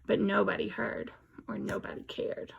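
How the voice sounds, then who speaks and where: A woman's voice: medium pitch, level tone, normal speed, gravelly, husky, highs cut off. A woman reading a rhyming picture book aloud in a rhythmic, sing-song way, then explaining how to use it in a lesson. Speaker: teacher educator.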